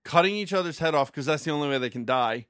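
A man's voice: fairly high pitch, expressive, fast, fairly bright tone, no echo, studio quality. A man co-hosting a podcast in casual chat, rambling and joking, with many fillers and restarts. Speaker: podcast co-host.

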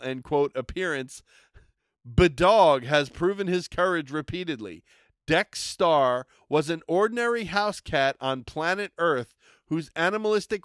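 A man's voice: a little high, fairly bright tone, smooth, dry recording, studio quality. An enthusiastic man co-hosting a casual podcast, rambling a bit as he hypes collectible toys and products.

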